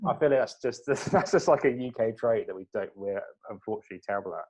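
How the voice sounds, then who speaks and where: A man's voice: on the low side, fast talker, a little mellow. A man from the UK co-hosting a comedy podcast, chatting about films with wry, laughing quips. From United Kingdom. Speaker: podcast co-host. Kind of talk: casual movie chat. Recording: muffled lo-fi audio.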